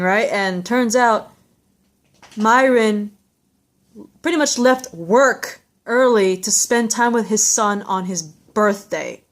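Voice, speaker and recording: A woman vlogging in a casual, rambling and gushing way, with many fillers. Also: fairly high pitch. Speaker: vlogger reviewing a TV episode. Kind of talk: casual chat.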